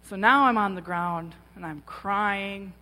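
Her pitch is medium, her pace slow, and her tone sharp as she preaches her own testimony at a women's church event. She narrates her experiences and acts out what others said, all carried by the lingering echo of a big hall.

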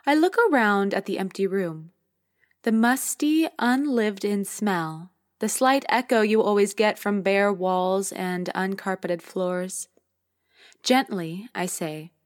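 A woman reading a first-person short story aloud in a gentle, expressive way, voicing an adult narrator. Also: medium pitch, a little slow, no echo, clean studio sound. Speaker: story reader.

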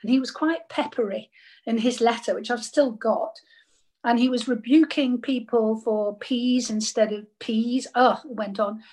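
Older lady actress rambling thru funny radio stories, kinda high voice, laughs a lot. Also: unhurried. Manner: lively storyteller, laughs often. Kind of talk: casual anecdotal chat.

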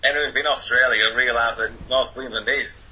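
A man's voice: mid-range voice, fairly even intonation, fast, highs cut off, a loud crowd. A man in his forties with a Wigan accent, chatting as a podcast guest over an internet call, rambling with many restarts. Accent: Wigan, Lancashire. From Wigan, England. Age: 40s. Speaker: podcast guest, football fan. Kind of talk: casual remote interview.

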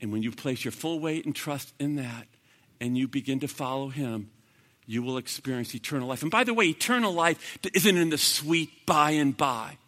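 A man preaching an evangelistic sermon to a live audience, swinging from loud bursts to hushed, earnest talk. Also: mid-range voice, expressive, moderate pace. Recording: long reverb of a large hall.

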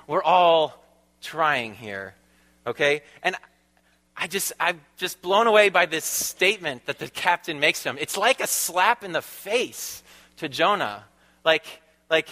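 A male preacher talks to his congregation in a loose, chatty way, tossing out questions and laughing often. His voice is bright, forceful and fairly high for a man. It rings with the long echo of a large hall. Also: lively intonation, normal speed. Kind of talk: conversational sermon.

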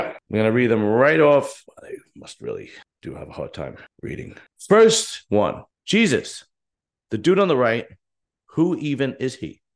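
A man hosting his own bodybuilding show, talking alone in a rambling, self-mocking way with loose restarts. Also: lowish voice. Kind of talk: casual solo monologue.

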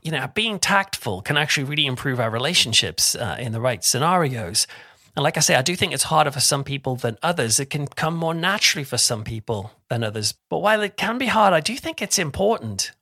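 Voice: medium pitch, lively intonation, fairly quick, sharp tone, no echo, studio quality. A YouTuber giving a conversational reflection on a Bible passage, chatty and informal with asides and restarts.

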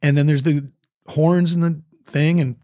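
A man guesting on an interview, telling a story with lively energy and scatting out the rhythms he describes. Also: a little high, unhurried, dry recording, studio quality. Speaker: guest musician.

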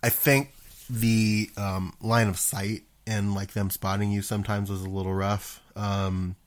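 A man with a fairly low voice chatting casually about a video game. He hesitates often, filling gaps with ums and starting his sentences over. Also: flat delivery, unhurried. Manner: hesitant, many ums and restarts. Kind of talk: casual chat.

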